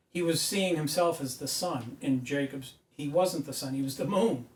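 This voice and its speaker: Man, lecturing, emphatic and preachy, somewhat high voice, roomy echo, far from mic. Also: normal speed, hardly any pauses. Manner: emphatic, preachy, rising to loud insistence. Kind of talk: whiteboard lecture. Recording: echoey room, mic far off.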